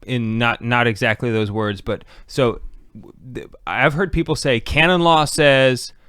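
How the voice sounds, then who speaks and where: A man's voice: medium pitch, unhurried, fairly bright tone, clear, resonant tone, no room sound, clean studio sound. A man co-hosting a casual chat show, joking around and often trailing off into fillers. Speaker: podcast co-host.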